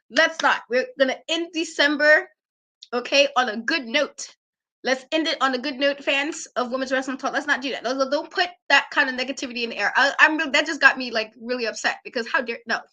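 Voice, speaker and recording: A woman's voice: sits high, a little fast, sharp tone. A woman hosting a wrestling talk show, giving casual, opinionated commentary in an emphatic, ranting way and laughing often.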